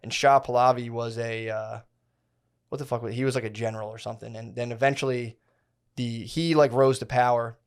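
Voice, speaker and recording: A man in a podcast chat, spinning out a long story in loose slang and often restarting his sentences. His voice sits at an ordinary middle pitch. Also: fairly even intonation, fairly quick, clean tone. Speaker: podcast co-host. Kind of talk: casual chat.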